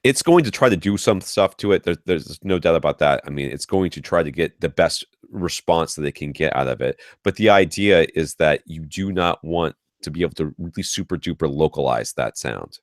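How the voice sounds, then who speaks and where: A man's voice: very deep voice, lively intonation, a little fast, hardly any pauses, no room sound, clean studio sound. A man co-hosting a podcast, explaining listener advice at length in a chatty way with restarts. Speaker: podcast co-host. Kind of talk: casual advice chat. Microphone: podcast mic.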